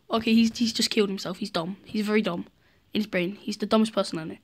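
A woman giving live gameplay commentary as a video host, excitable, cheering on and scolding her teammates. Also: mid-range voice, quick pace.

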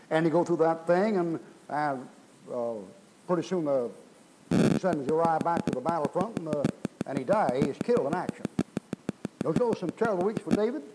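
A man's voice: on the high side, darkish tone, low-quality recording. Folksy preaching man, slight hiss. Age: older. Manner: folksy, colloquial preaching with storytelling. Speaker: pastor. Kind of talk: revival sermon. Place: church sanctuary.

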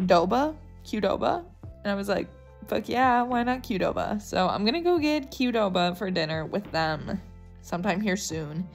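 A college student in her early twenties, vlogging into a phone held at arm's length and venting with lots of swearing. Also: medium pitch. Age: early 20s. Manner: frustrated ranting, swears often. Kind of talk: casual vlog to camera. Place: her car, then her apartment.

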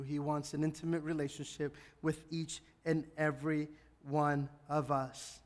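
A man's voice: on the high side, level tone, a little slow. A man with an American accent, a pastor delivering a sermon, telling a funny story and building to passionate emphasis. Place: church sanctuary. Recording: long hall reverb in a church.

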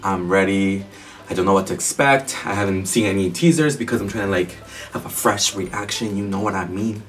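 A man chatting casually to camera as a reaction vlogger, excitable and swearing freely. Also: sits low, fairly quick, far from the mic. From United States.

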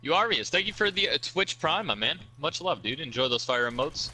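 A man streaming a shooter game, chatting loosely with his teammates and making quick callouts. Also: fairly high pitch, very animated, bright, forceful tone. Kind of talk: casual gaming chat with teammates. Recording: noisy with game sounds behind.

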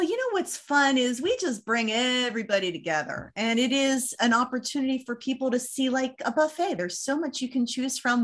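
A woman's voice: a little high, fairly bright tone. A woman hosting a video-call panel discussion in an upbeat, encouraging manner. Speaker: panel host.

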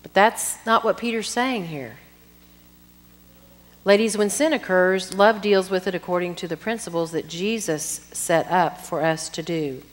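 Middle-aged woman speaker, animated sermon, asides to the audience, long hall echo. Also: lowish voice, unhurried. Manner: lively teaching with asides to the audience. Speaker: women's conference speaker. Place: conference hall.

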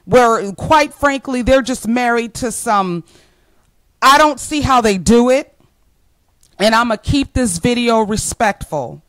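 Woman in her forties, motivational talk, unhurried delivery, emphatic repeats, fairly high voice, dry sound. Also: animated, fairly bright tone, no room sound, poor audio. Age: 40s. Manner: emphatic, repeats key phrases for stress; addresses listeners as ladies, earnest and plainspoken. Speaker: motivational speaker. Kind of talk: direct-to-camera motivational talk.

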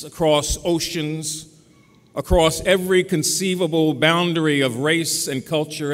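A man's voice: fairly high pitch, a bit bright. A man giving a keynote commencement address in a formal, oratorical style with a rhetorical cadence. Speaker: keynote speaker. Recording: reverberant ceremony venue.

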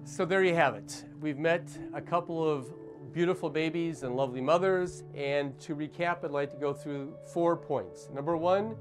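A middle-aged male pediatrician gently explaining and demonstrating a baby-calming hold to parents. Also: fairly high pitch, normal speed, hardly any pauses. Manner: gentle, reassuring, plain explaining. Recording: faint music behind.

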